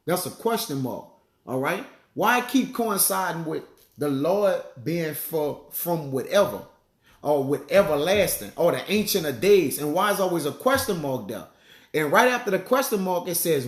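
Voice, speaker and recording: Man, casual bible teacher, slightly high voice, echoey room. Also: sing-song. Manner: conversational, peppers lines with "man" and "all right"; reads verses slowly, searches aloud for passages. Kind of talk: casual sermon with scripture reading.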